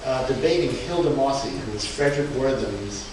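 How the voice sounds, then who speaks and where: At a book event in a museum's event room, a man gives an informal slide presentation in a mid-range, expressive voice. He's halting, with many restarts, fillers and chuckles, and the recording is echoey, distant from the mic, with background noise.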